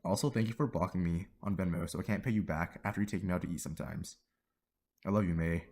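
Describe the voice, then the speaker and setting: A young man talks quickly in a deep, low voice. He records a teasing, fond farewell message for a friend, joking one moment and sincere the next. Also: a little mellow, slightly rough. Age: young adult. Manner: teasing, affectionate. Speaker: student club member.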